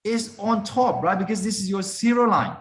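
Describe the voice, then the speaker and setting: A man's voice: sits high, very animated, normal speed. A man lecturing a class, often stopping to put questions to the students and repeating key points for emphasis.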